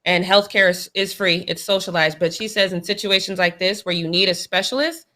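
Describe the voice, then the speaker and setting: Bright-voiced woman sports co-host. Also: mid-range voice, a little fast. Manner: opinionated, emphatic. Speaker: podcast co-host. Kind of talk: casual sports chat.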